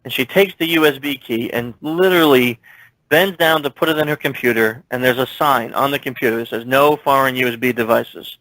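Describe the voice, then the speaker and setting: A man's voice: mid-range voice, fairly quick, no room sound, low-quality recording. Guy telling a story in an interview, acts out the lines, dry close sound. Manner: animated, acts out dialogue in his stories. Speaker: security expert guest. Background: speaking while standing at his desk.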